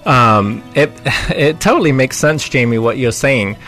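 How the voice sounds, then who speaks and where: A man co-hosting a call-in radio advice show, gently explaining and empathizing with a caller. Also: medium pitch, animated, a little slow, soft background music. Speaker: radio co-host, counselor.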